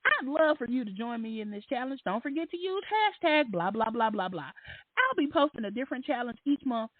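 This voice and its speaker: A woman voicing a chirpy, country-voiced woman who posts planner challenges, speaking in a bright sing-song twang. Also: a little high, expressive, brisk, no echo, voice pushed up. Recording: dry, tinny phone-like line.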